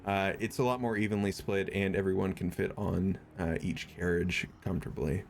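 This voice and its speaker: A man's voice: low-pitched, steady tone, moderate pace, creaky. A man narrating as a tabletop game master, with a hesitant manner full of fillers.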